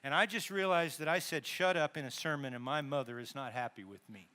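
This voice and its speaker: High, bright-voiced preaching pastor. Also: male voice, a little fast. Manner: conversational preaching, asides and self-corrections; dramatizes quotes with rising emphasis. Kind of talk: sermon.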